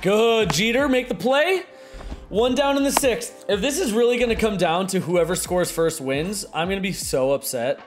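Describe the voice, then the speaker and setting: A young man giving excitable live commentary on his own video game play, muttering one moment and shouting the next. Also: sits high, normal speed, music in the background. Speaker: gaming streamer.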